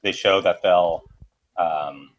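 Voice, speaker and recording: Low-voiced male co-host, relaxed and casual, dull lo-fi recording. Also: takes it slowly. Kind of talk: casual chat.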